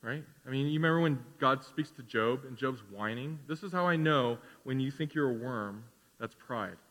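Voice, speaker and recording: A man preaching a sermon as pastor, animated, swinging between loud declarations and quiet asides. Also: medium pitch, moderate pace, big-room sound. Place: church sanctuary.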